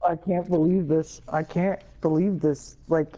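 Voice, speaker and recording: A woman's voice: deep voice, steady tone, measured pace, warm tone, lo-fi sound. A woman co-hosting a casual podcast chat, teasing and incredulous, rattling off long lists.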